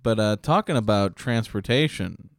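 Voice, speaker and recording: A man's voice: lowish voice, expressive, normal speed, dry recording, studio quality. A man rambling, swearing podcast co-host. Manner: loose, profane, trails off mid-sentence. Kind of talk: casual chat.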